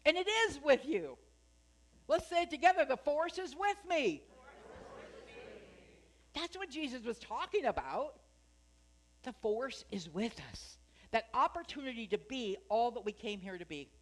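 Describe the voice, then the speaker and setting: Woman minister, sermon, chatty and joking, voice a touch high, draws the congregation in with questions. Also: big pitch swings, normal speed. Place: spiritual center sanctuary.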